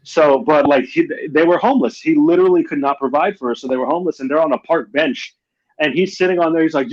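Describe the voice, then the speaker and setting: A man's voice: on the high side, quick pace. A man co-hosting a casual chat show, telling stories with heavy swearing and acting out quotes. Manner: animated storyteller, heavy swearing, acts out quotes. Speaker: podcast co-host. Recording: muffled lo-fi mic.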